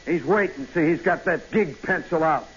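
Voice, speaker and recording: A man hosting a radio show, telling a long story in a rambling, animated way, full of asides and "you know"s. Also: a little high, moderate pace. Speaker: radio host. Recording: muffled old radio broadcast with faint hiss.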